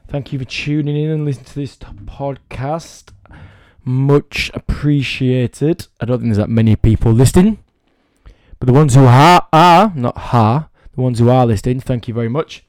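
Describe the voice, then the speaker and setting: A man's voice: mid-range voice, a little mellow, clear, resonant tone, no echo, studio quality. Man with a cold rambling on his podcast. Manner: rambling, self-deprecating, playful. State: has a cold, under the weather. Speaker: podcast host, fitness coach. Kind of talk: casual solo podcast chat.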